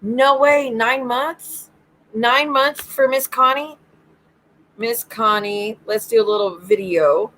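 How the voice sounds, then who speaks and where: A woman's voice: fairly high pitch, slow pace, a bit bright, poor audio. A woman hosting a livestream as a psychic medium, ranting bluntly and swearing freely.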